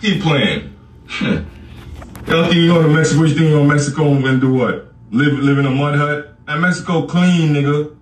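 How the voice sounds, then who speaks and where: A man's voice: fairly high pitch, fairly even intonation, moderate pace. Profane, roomy-sounding man ranting on a podcast. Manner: loud, profane, laughing, talks straight to listeners. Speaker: podcast host. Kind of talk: casual podcast rant. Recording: echoey room, far from the mic.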